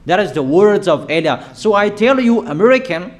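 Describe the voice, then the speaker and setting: A man's voice: sits high, expressive, normal speed. A man preaching a sermon of prophetic declarations, emphatic and repetitive in a declamatory way.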